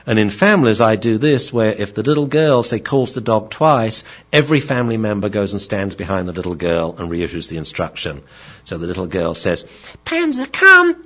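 A man, a dog trainer, giving a lively lecture-style talk and acting out the people in his stories, on a slightly dull, lo-fi recording. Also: lowish voice, fairly quick, slightly rough.

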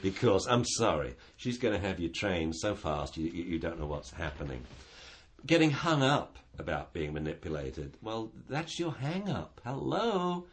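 Lively low-voiced man, animated. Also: moderate pace. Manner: animated, acts out little dialogues. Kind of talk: casual chat.

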